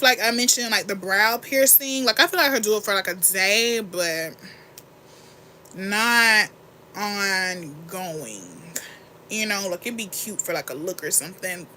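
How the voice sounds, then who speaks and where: A young woman hosting a casual get-ready-with-me livestream, chatting candidly and answering her chat in a rambling, animated way. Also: medium pitch, unhurried, a little hiss or hum. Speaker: livestream host.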